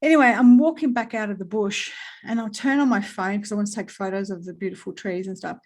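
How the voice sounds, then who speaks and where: Animated Australian woman telling a story. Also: mid-range voice, quick pace. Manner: animated storyteller, swears, laughs often. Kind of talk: casual spiritual conversation.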